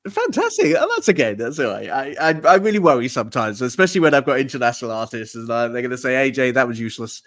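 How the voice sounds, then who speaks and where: A man's voice: mid-range voice, huge pitch swings, quick pace, hardly any pauses, fairly bright tone. A man hosting an online music show, chatting with a guest and praising the performance with enthusiasm. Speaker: show host. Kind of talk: casual interview chat.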